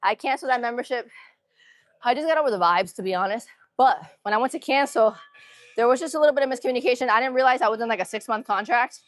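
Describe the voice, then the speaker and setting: Speaking quickly in a slightly high voice, a woman greets her audience during a workout livestream from an empty gym, her chat casual, hyped and slangy.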